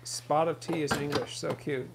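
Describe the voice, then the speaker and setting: Gravelly teasing male co-host. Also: fairly high pitch, flat delivery, normal speed, noisy background. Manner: dry, teasing. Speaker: co-host reading viewer comments. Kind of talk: live stream chat.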